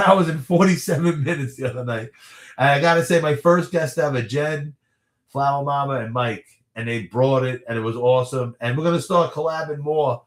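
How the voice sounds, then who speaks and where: A man in his thirties from the New York area hosts a casual livestream, answering viewer questions in a rambling, chatty way and laughing frequently. His medium-pitched voice sounds reverberant.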